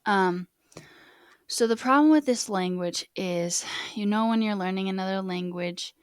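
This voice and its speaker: A woman's voice: mid-range voice, a little slow, clear, resonant tone, no room sound. A young American woman streaming from home, chatting casually with many fillers. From United States. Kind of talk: casual live-stream chat.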